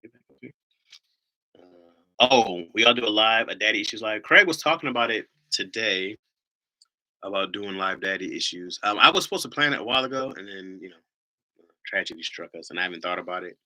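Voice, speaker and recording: A man's voice: on the low side, fairly quick, long pauses, bright, forceful tone. A man hosting a casual livestream, a rambling storyteller who laughs often. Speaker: livestream host.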